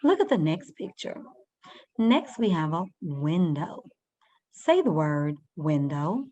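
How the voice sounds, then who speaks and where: A woman's voice: low-pitched, big pitch swings, slow pace, dark tone. A woman teaching a first-grade reading lesson, patiently sounding out words and guiding young children step by step.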